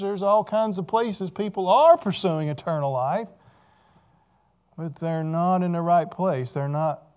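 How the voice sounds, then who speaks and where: A man's voice: a little high, darkish tone. A man preaching a sermon with emphasis, repeating key phrases and putting questions to his listeners.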